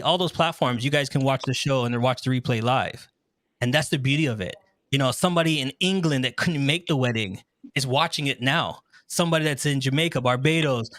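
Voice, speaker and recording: A man guest who works as a wedding MC and DJ, chatting animatedly in an interview, a bit hoarse from earlier yelling, acting out his own stories and laughing often. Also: fairly high pitch, dry recording. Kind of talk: enthusiastic interview chat.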